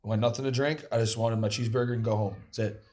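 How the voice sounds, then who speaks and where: A man's voice: medium pitch, fairly even intonation, very fast, a little mellow. A man in casual podcast chat, telling a story animatedly, swearing and laughing at it.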